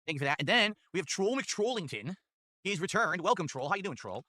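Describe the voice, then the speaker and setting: A man's voice: high voice, big pitch swings, a little fast, pushed and bright. A man livestreaming, thanking donors and boasting in a chatty, casual way.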